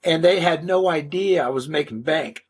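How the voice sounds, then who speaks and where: An older man spins his stories in a loose, slangy way, often stumbling and restarting his sentences. His voice sits a little high for a man. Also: normal speed, breathy edge. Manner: animated, slangy, frequent restarts. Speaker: interview guest. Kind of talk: casual storytelling interview.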